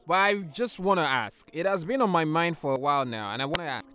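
A man's voice: on the high side, expressive, fast talker, sharp tone. A man hosting a casual chat, playful and teasing, often laughing. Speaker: host.

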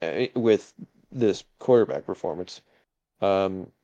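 A man's voice: low voice, expressive, takes it slowly, dark tone, dull audio. A man co-hosting a casual sports podcast, talking hesitantly with many fillers and chuckling asides. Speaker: podcast co-host.

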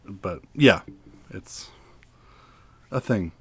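A young man with a low voice, co-hosting a laid-back film podcast. He stammers and repeats himself as he works through his points, recorded dry and close to the mic. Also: animated, fairly bright tone, breathy edge, no room sound. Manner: halting, stammers and repeats words. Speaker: podcast co-host. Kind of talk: casual podcast film review chat.

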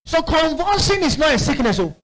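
Male preacher, high and very animated, sermon storytelling with acted-out voices. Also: brisk, rough recording. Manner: animated storytelling, acting out voices with sudden high-pitched exclamations.

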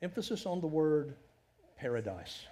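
A man preaching with a lively, swinging voice that climbs high on his emphasis. He speaks conversationally, tossing out rhetorical questions to the congregation. His voice sits a little higher than most men's. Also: moderate pace. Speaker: pastor. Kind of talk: sermon.

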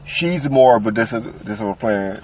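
Laid-back man co-host, lively delivery, sits back from the mic with faint hiss. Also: lowish voice, moderate pace, distant mic. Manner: laid-back, conversational storytelling. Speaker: podcast co-host. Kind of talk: casual chat.

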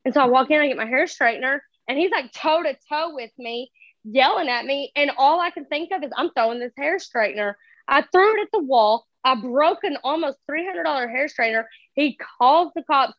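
Casting: high-pitched woman, animated and profane storyteller, dry dull recording. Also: a little fast, no echo. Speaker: guest telling a story. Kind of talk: casual storytelling chat.

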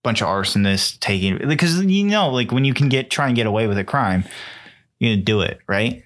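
A man's voice: medium pitch, lively intonation, brisk, a bit bright. A man co-hosting a casual chat show, telling stories in a rambling way with many fillers. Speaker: podcast co-host.

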